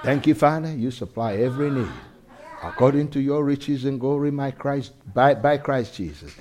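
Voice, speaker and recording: A man preaching a sermon, animated, swinging from loud shouts to quiet intensity, laughing between lines. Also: mid-range voice, normal speed, some chatter behind. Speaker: pastor.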